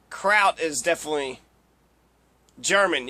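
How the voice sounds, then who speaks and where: A man's voice: high-pitched, normal speed, pushed and bright. A young man giving casual, profane commentary while reading through a list, ranting and mocking. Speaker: video commentator.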